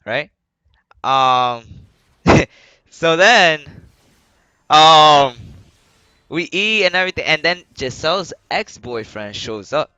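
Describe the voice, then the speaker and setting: A man's voice: a little high, pushed and bright, no room sound, muffled recording. A young man telling a story casually and profanely on a live stream, laughing as he goes. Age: young adult.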